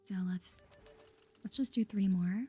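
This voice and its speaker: A woman host giving soft, chatty ASMR game commentary, mostly whispered and easily amazed. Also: medium pitch, measured pace, husky, faint music behind. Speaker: gaming channel host.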